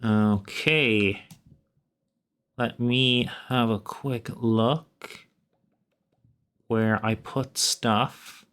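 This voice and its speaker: A man's voice: mid-range voice, fairly even intonation, drawn-out words, pauses often, a bit bright, clean tone. A young Irish man with an Irish accent, chatting casually with viewers while running a tabletop game as game master, laid-back and often chuckling. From Ireland.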